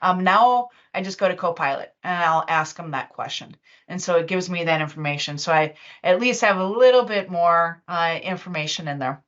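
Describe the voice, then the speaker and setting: Woman, webinar presenter, casual chatty demo, lots of fillers, lowish voice, muffled call audio. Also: animated, moderate pace, fairly bright tone. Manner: chatty, loose, with many fillers and restarts. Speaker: webinar presenter and user group organizer. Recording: dull lo-fi online meeting audio.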